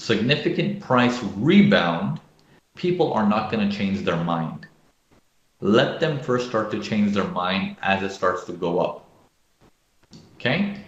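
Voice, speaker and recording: Man teaching chart analysis, echoey lo-fi audio. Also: on the low side. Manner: explanatory, repeats "okay?", acts out panicking traders. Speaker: trading educator. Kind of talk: live market analysis.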